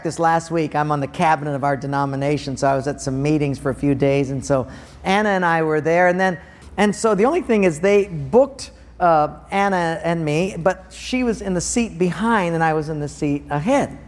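A man's voice: a little high, fairly quick. A man preaching a sermon, telling stories and acting out people's voices with big jumps in his tone. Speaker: pastor. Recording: long hall reverb.

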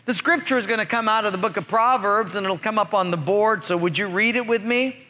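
A male pastor preaching a sermon to his congregation, telling jokes and stories in an animated way. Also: high-pitched, brisk, slight background noise. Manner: jokey storyteller, animated.

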